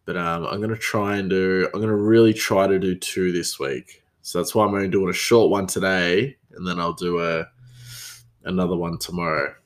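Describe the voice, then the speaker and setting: A man's voice: low-pitched, fairly even intonation, normal speed. Rambling man telling stories. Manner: rambling, with many restarts and "you know". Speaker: podcast host. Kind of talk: casual storytelling monologue.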